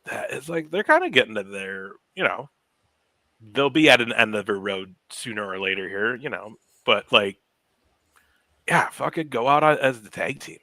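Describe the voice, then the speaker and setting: A man's voice: fairly low pitch, animated, moderate pace, sharp tone, no room sound. A man co-hosting a podcast, chatting loosely and swearing casually. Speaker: podcast co-host. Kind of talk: casual chat.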